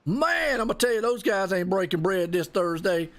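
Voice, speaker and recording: A man doing live play-by-play commentary on a sim race, folksy and excitable, dropping y'all and ain't as he talks. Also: high voice, moderate pace.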